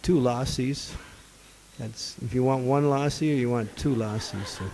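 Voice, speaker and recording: A man's voice: medium pitch, moderate pace, creaky, darkish tone, a little hiss or hum, rough recording. A man acting as a spiritual teacher who answers questions from a gathering, good-humored and laughing often.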